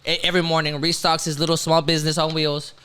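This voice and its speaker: A man co-hosting a casual chat show, laughing often and talking in slangy, animated bursts. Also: fairly high pitch, fast, clear, resonant tone. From Texas. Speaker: co-host.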